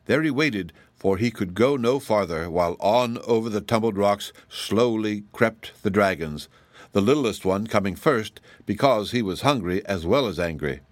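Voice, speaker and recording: A man narrating a storybook in a steady, measured way. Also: on the low side, no echo. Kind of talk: storybook reading.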